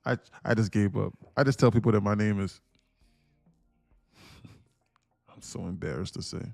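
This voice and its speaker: A man's voice: lowish voice, moderate pace, creaky, a little mellow, dry recording, faint music behind. A man streaming live day trading, talking casually and laughing as he reads chat aloud. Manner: laid-back, chuckling, reads chat aloud.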